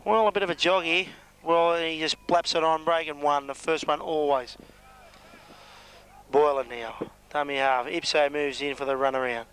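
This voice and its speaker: A man with an Australian accent doing joking, excitable play-by-play on an amateur rugby league match. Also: fairly high pitch, normal speed, clean tone, low-quality recording. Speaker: match commentator.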